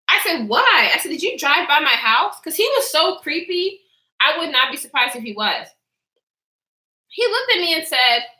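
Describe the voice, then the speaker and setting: A woman's voice: sits high, roomy sound. A young woman vlogger casually telling a story time, acting out what people said and laughing often. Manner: animated, acts out quotes, reads live chat, laughs often.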